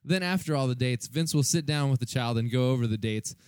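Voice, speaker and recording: A man's voice: mid-range voice, expressive, a little fast, darkish tone, smooth, no room sound. Male podcast co-host, loose rambling storyteller, crude and self-mocking, dry close mic. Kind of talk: casual chat.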